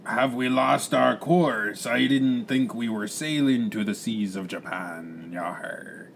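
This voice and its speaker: A man's voice: medium pitch, slow, slight background noise. A man voicing a forgetful, blustering pirate captain in an improvised comic role-play, growling his lines. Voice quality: gravelly, growling "yarr".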